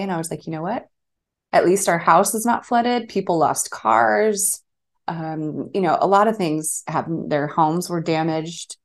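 A woman in her thirties chatting casually with her partner. She tells an animated story and laughs often. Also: lowish voice, moderate pace. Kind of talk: casual conversation.

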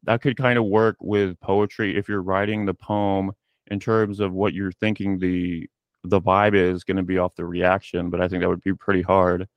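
A man's voice: low-pitched, level tone, moderate pace, dry recording. A man hosting a podcast, asking thoughtful questions full of fillers in a casual chat. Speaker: podcast host. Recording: dry, muffled mic.

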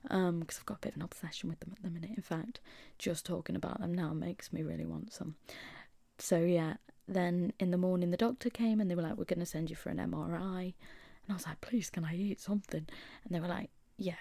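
Shaky young Englishwoman, gravelly and dry. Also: fairly low pitch, mellow, no room sound. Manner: chatty storytelling, dips into whispers for quoted asides. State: shaky, unwell after hospital. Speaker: podcast host. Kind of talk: casual solo chat.

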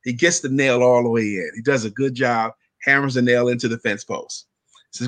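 A man's voice: medium pitch, brisk, no room sound. A man telling a parable on a live show, acting out the voices in his quotes. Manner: animated storyteller acting out quotes. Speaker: guest. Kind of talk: storytelling a parable.

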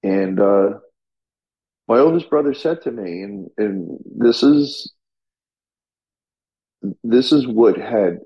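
A man's voice: fairly low pitch, lively intonation, takes it slowly, long pauses, dull audio. A middle-aged man, a firefighter and paramedic, tells his story in an interview in a raw, blunt way, swearing freely and restarting his sentences.

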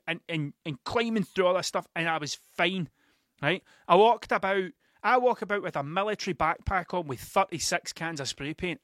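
A man's voice: high-pitched, sharp tone, dry recording, clean studio sound. A Scottish man, a father, telling a rambling, self-mocking story on his podcast, swearing freely and repeating himself. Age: adult father. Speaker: podcast host. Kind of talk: casual storytelling monologue.

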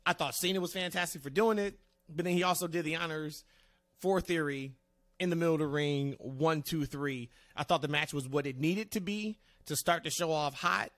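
A male podcast host talking wrestling in a casual, animated way, passing questions to his co-hosts. His voice sits a bit high for a man, and the sound is close and dry. He keeps the conversation moving. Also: normal speed, no echo. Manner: animated, steers the talk to co-hosts. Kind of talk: casual chat.

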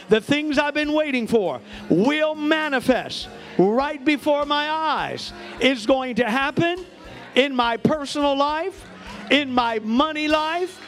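A man preaching from the pulpit with a very high, ringing voice. He has the congregation repeat his declarations line by line, slowing down and building to shouts of faith. Soft music plays behind him. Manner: joking asides to the congregation. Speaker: bishop preaching. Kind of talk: sermon. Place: church sanctuary.

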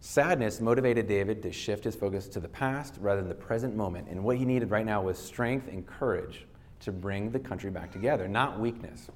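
A man's voice: fairly low pitch, a little fast. A male pastor giving a sermon, retelling a scripture story in casual everyday words and reading verses aloud.

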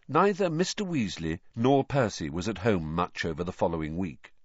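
A man narrating an audiobook with expressive storytelling, on a dull lo-fi recording. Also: fairly low pitch, moderate pace, few pauses, dry recording. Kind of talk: audiobook reading.

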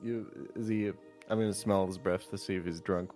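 A man's voice: low voice, fairly even intonation, normal speed, a little mellow, soft background music. A man playing a tabletop game in a casual, joking way. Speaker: player. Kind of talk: tabletop role-play.

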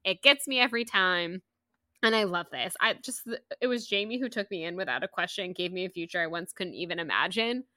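Enthusiastic woman podcast co-host, bright and forceful tone, dry close recording. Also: lowish voice, animated, a little fast, no echo. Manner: enthusiastic, gushing, laughs often. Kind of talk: casual book-club chat.

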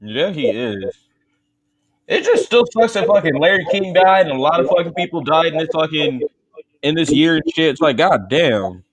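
Excitable male co-host, lively swinging pitch, busy crowd behind. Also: normal speed, low-quality recording. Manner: excitable, swearing freely. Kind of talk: casual chat.

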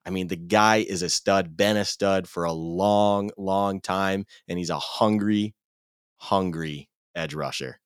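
Low-voiced easygoing podcast co-host. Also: male voice, a little slow, clear, resonant tone, no room sound, clean studio sound. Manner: easygoing, chatty storytelling. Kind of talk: casual sports podcast chat.

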